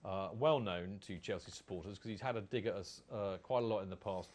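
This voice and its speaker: A man's voice: deep voice, fairly quick, a little mellow, a little hiss or hum. A man hosting a casual fan podcast, chatty and rambling, reading out quotes. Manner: rambling, chatty, does comic voices when quoting. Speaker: podcast host.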